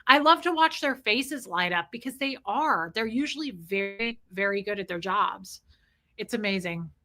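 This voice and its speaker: A woman, ranting casually to her live stream chat and acting out the people she talks about. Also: medium pitch. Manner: animated, acts out people in quick quoted voices.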